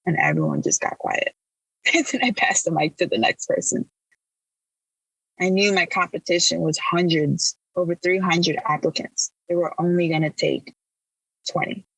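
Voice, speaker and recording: Woman from illinois, podcast guest telling her story, gritty fry in the voice, super dry sound. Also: lowish voice, big pitch swings, moderate pace, fairly bright tone, no room sound, rough recording. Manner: candid, emphatic storyteller. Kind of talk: personal storytelling in an interview.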